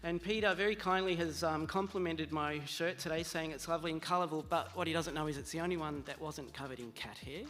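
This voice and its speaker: A man's voice: fairly high pitch, long reverb tail. A middle-aged man introducing his songs to an audience, nervous and self-deprecating. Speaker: singer-songwriter introducing songs. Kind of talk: stage patter between songs.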